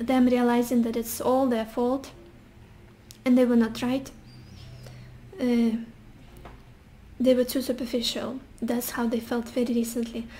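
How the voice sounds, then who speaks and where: A woman's voice: on the high side, warm tone, a little hiss or hum. A young woman giving a casual tarot reading, musing intuitively with sassy asides. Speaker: tarot reader.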